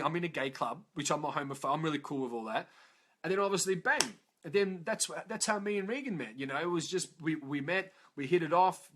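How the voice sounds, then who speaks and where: A middle-aged man with an Australian accent telling a personal story in a rambling, animated way, swearing freely. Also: fairly high pitch. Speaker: speaker telling his life story. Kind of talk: casual storytelling.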